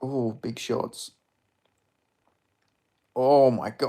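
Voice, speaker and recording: Gravelly excitable man. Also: medium pitch, takes it slowly, long pauses. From Australia. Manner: excitable, swearing, chatty reactions. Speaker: streamer. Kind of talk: live fight watch-along commentary.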